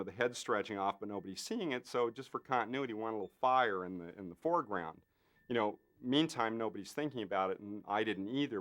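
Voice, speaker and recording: A man, a special effects artist, telling a behind-the-scenes story in an interview. He talks in an animated way, full of fillers, and acts out other people's lines. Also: on the low side.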